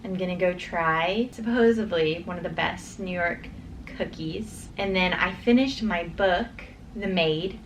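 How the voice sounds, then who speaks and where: A young woman talking casually to camera as a flight attendant, chatty and excitable, with lots of "like" and "literally". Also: fairly low pitch, unhurried, a little hiss or hum. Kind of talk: casual vlog chat.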